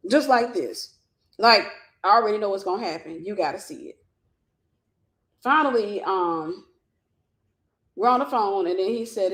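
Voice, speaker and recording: A woman hosting a storytelling vlog, retelling a phone call in an animated way and acting out both sides of the conversation. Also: a little high, fast talker, roomy sound. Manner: animated retelling, acts out dialogue. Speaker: vlog host.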